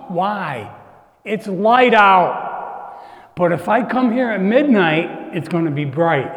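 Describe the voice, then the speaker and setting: A pastor preaches in a high voice and a slow, deliberate tempo, shifting between hushed asides and emphatic declarations. His sermon rings through a roomy sanctuary with a long reverberant tail. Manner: earnest, swings from hushed to emphatic. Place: church sanctuary. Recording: echoey hall, long reverb.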